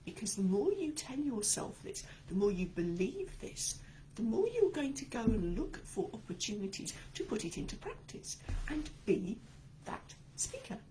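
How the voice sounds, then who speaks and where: A woman's voice: a little high, sing-song, moderate pace, warm tone, a little hiss or hum, poor audio. A woman coaching speakers in a talk to camera, emphatic and encouraging, a little stuffy-nosed this morning.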